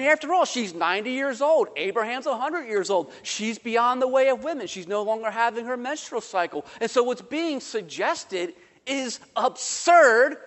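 A man preaching a sermon, animated and conversational, acting out voices in the quotes he tells. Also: very high voice, long reverb tail. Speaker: pastor.

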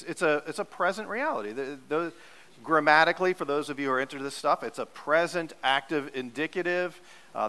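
A man's voice: a little high, a bit bright, big-room sound, poor audio. A male pastor preaching a sermon in an earnest, teacherly way, leaning hard on repeated words for emphasis.

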